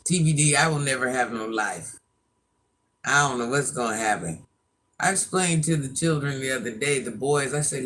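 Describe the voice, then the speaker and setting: A woman's voice: a bass voice, expressive, moderate pace, fairly bright tone, a little hiss or hum. A woman in her fifties hosting a casual livestream chat, a chatty storyteller who laughs at herself as she talks to her viewers. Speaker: livestream host.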